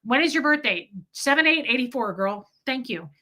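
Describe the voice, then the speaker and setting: A woman's voice: high-pitched, animated, normal speed, bright, forceful tone. A tired woman in her forties telling a story on a live stream, rambling and swearing and reading viewer comments aloud. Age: 40s.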